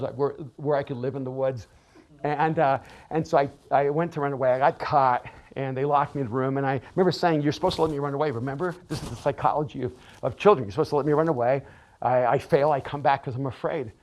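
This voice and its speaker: A middle-aged man, a pastor and author, telling a personal story in an animated way, often laughing and repeating words. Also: medium pitch. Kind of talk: storytelling talk.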